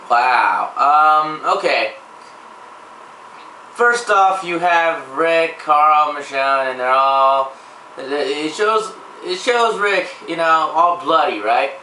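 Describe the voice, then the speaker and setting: Young man, bright tense voice, slightly high, swearing casual recap, echoey room. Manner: profane, filler-heavy, excitable. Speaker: gaming channel host reviewing a TV episode. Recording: echoey room, distant mic, faint hiss.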